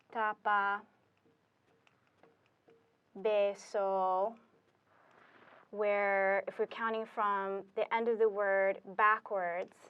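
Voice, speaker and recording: A woman's voice: medium pitch, clear, resonant tone, highs cut off. A woman teaching Spanish, explaining step by step with fillers as she writes on a board. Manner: slow, deliberate explaining with fillers. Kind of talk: classroom explanation at a whiteboard.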